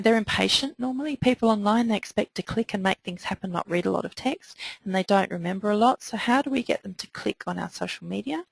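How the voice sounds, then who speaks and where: A woman's voice: medium pitch, gravelly, no echo, rough recording. A woman presenting a training webinar, talking conversationally and asking her listeners a run of rhetorical questions.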